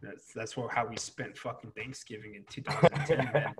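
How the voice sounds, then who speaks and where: A man's voice: mid-range voice, moderate pace, crowd noise. A man telling profane military stories in casual chat, full of fillers and laughter. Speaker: Marine veteran interviewer.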